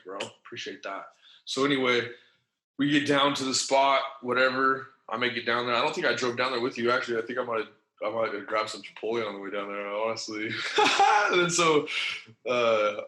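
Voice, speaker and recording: A man's voice: lowish voice, bright, forceful tone, echoey room, low-quality recording. A man telling a long story in casual, profane slang, acting out the quotes as he goes. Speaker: podcast guest.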